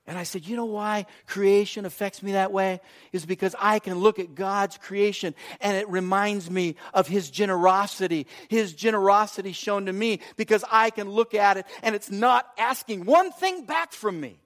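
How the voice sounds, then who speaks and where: A man in his fifties delivers a sermon in a notably high voice. He tells personal stories with animated repetition and acts out the lines of others. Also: moderate pace, few pauses. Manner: animated storyteller, repeats phrases, acts out quotes. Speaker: pastor.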